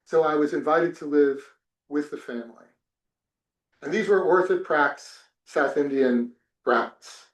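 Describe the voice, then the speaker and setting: On an echoey recording from a temple classroom, a religion professor from New Jersey teaches his class. His voice is on the high side and a little slow. He tells personal stories in an animated way, frequently restarting his sentences.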